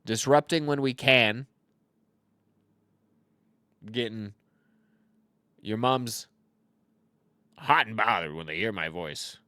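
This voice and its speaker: A man's voice: on the low side, slow pace, pauses often, sharp tone, no room sound. A man in his thirties giving casual, rambling commentary over a card game, full of jokes and self-mocking asides.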